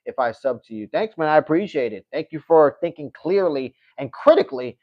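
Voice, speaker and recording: A man's voice: a little high, lively intonation, fairly quick, no room sound, dull audio. A man hosting a casual MMA livestream, chatting to viewers, reading comments aloud and often breaking into laughter. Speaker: MMA channel host.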